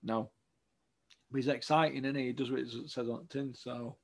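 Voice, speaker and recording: A man's voice: mid-range voice, steady tone, a little fast. A man giving blunt, outspoken opinions as a boxing pundit in a casual interview, often tagging on questions like "isn't it?".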